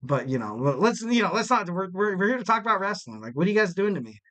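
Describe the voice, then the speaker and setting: Young guy hosting his wrestling podcast, jokey and rambly, voice a bit on the high side. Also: very animated, quick pace, fairly bright tone. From West Coast of the United States. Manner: rambling, jokey, lots of fillers. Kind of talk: casual solo podcast chat.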